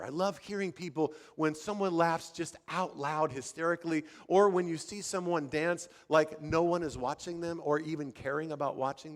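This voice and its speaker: Older pastor preaching in a reverberant hall. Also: male voice, fairly high pitch. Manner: conversational, animated, with frequent restarts. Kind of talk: sermon. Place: church sanctuary.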